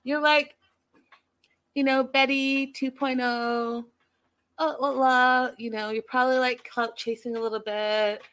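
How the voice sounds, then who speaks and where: A woman casually recapping a reality show, animated and acting out what people said. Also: high voice, measured pace. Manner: animated, quotes people in lively voices.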